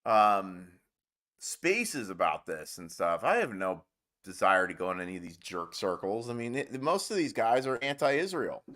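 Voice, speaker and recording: A man's voice: on the low side, very animated, normal speed, bright, forceful tone. A man giving casual, exasperated reaction commentary. He rants and talks over the clips he plays. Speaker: political commentator.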